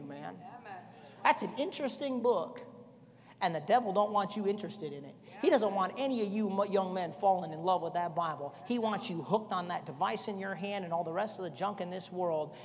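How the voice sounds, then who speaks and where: A middle-aged man preaching a sermon as pastor, swinging from shouting to quiet storytelling. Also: high-pitched, animated, a little fast. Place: church hall. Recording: echoey church hall.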